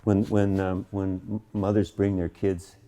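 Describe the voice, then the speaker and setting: A middle-aged painting instructor gives a demonstration in his art studio, speaking in a low, mellow voice with a level tone and measured pace. He's chatty and enthusiastic, frequently restarting and repeating words as he paints.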